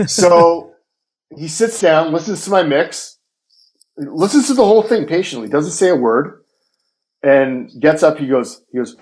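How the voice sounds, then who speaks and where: A man's voice: a little high, a little slow, long pauses, poor audio. Man telling studio stories, swearing freely. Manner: animated anecdotes, acts out quoted dialogue, swears freely. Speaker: guest music producer and mix engineer. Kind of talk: casual storytelling in a podcast interview.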